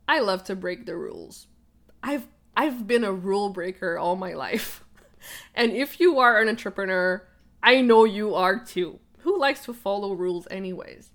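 A woman's voice: medium pitch, expressive, normal speed, fairly bright tone. A young adult woman hosting a podcast, telling a personal story in an earnest, open way, with many "like"s and "right?"s and frequent laughter. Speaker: podcast host.

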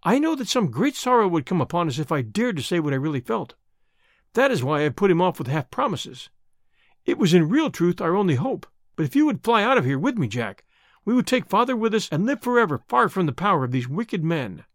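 A man's voice: high voice, very animated, brisk, dry recording, studio quality. A man reading a story aloud, voicing a frightened young woman who pleads with her lover. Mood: pleading. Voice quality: breathless, imploring.

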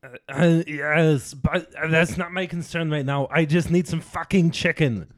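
A man doing an improvised impression of a gruff, foul-mouthed middle-aged tough guy with a put-on Austrian accent, barking demands at a fast-food counter. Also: on the high side, steady tone, no room sound, clean studio sound, voice pushed up. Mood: demanding. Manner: barking, brusque, shouts demands. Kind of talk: improvised comedy sketch.

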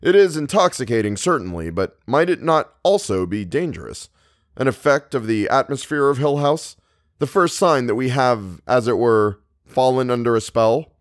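A man voicing an earnest older doctor in a storybook reading, measured and savoring his words. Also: mid-range voice, animated, no room sound, clean studio sound, close to an everyday voice. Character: learned older male doctor, earnest and fussy.

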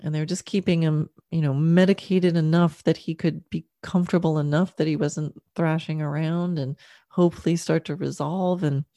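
A middle-aged woman who owns horses tells a personal story in a casual monologue, earnest and reflective, often adding "right?" and "you know". Her low, dark voice is steady and moderately paced, with no room sound.

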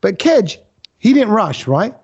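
A man's voice: sits high, very animated, slow pace, breathy edge. A man hosting a casual chat, animatedly explaining things through acted-out analogies. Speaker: podcast host. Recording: dull lo-fi sound.

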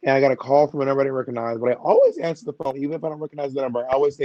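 A man's voice: medium pitch, fairly even intonation, racing, mellow, no room sound, highs cut off. A man who is a drag performer, chatting playfully as a guest in an interview, joking about himself. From United States. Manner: playful, self-mocking, talkative. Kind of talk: casual interview chat.

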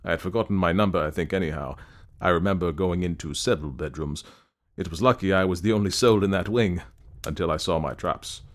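Brief: male narrator, lowish voice, dry and self-assured reading of a story. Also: brisk. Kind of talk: scripted narration.

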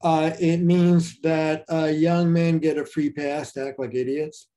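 Frank older man, dark mellow voice. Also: a little high, level tone, unhurried. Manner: frank, storytelling, frequent restarts and fillers. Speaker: marriage therapist, guest. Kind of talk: casual interview talk.

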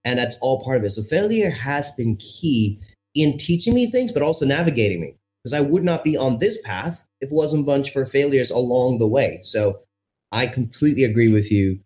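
Man, interview guest, reflective, measured rhythmic phrasing, mid pitch. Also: animated, darkish tone. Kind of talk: reflective conversation.

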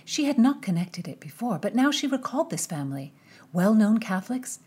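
A woman narrating a historical novel aloud, with measured, expressive storytelling. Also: medium pitch, slightly rough. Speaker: audiobook narrator. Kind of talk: scripted narration with character voices.

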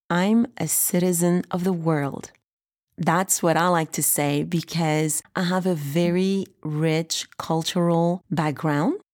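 A woman's voice: fairly low pitch, a little mellow. A woman with a slight French accent hosting a faith podcast in an upbeat, encouraging way. She grew up in France, and French is her first language. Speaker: podcast host.

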